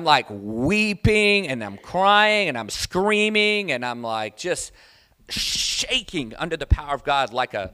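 In a medium-pitched voice, a man preaches a sermon built around a personal testimony. He starts off conversational and animated, then builds to loud, emphatic preaching.

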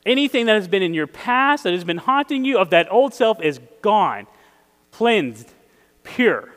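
Guy giving a chatty sermon, a bit high voice, lots of echo in a big hall, keeps laughing and asking the crowd stuff. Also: sing-song, a little slow, fairly bright tone. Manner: conversational, chuckling, asks the audience questions. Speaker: preacher. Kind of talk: casual sermon. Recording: hall with long reverb.

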